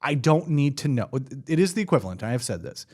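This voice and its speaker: A man's voice: medium pitch, big pitch swings, fast talker, darkish tone. A man hosting a casual podcast about movies, who laughs often and gets emphatic when he rants. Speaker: podcast host.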